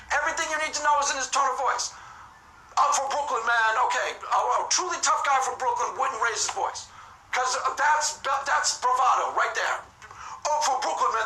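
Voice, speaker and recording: Casting: rapid-fire male vlogger, emphatic and repetitive, echoey room with faint music. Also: extremely high pitch, pushed and bright. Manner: emphatic, repetitive, keeps swearing to God. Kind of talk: casual rambling monologue.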